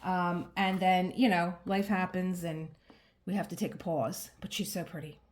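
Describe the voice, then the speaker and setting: A woman's voice: lowish voice, fairly even intonation, normal speed. Chatty rambling woman at her craft table. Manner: rambling, self-interrupting, frequent laughter and fillers. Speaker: diamond painting vlogger. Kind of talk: casual chat while crafting.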